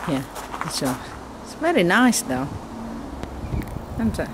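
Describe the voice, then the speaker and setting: A woman's voice: lowish voice, big pitch swings, slow pace, heavy background noise. A Thai-accented woman, a native Thai speaker, giving a chatty tour of her home garden outdoors in simple broken English. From Thailand. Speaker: gardening vlogger.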